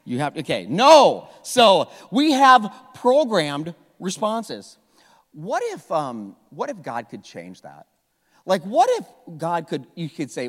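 A middle-aged man preaching a sermon to a church, energetic and conversational, repeating phrases as he goes. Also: a little high. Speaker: pastor. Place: church sanctuary. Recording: hall reverb.

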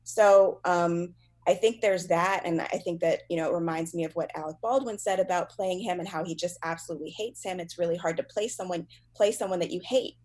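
A woman comedian talking casually in an animated, self-deprecating way, laughing often. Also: on the low side, a little fast. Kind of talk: casual conversation.

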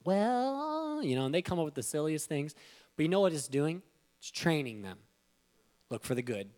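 Thirtysomething guy preaching through a story, super animated, laughs a lot, pitch all over the place. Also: a little fast. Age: 30s. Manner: animated, laughing, voice climbing high when moved. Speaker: speaker. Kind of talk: storytelling devotional sermon.

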